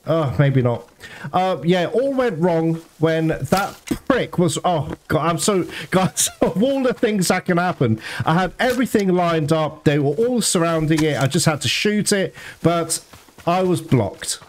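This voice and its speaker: A man commentating his own gameplay, excitable and prone to swearing and laughing. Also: fairly high pitch, a little slow, a little hiss or hum. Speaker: gameplay streamer.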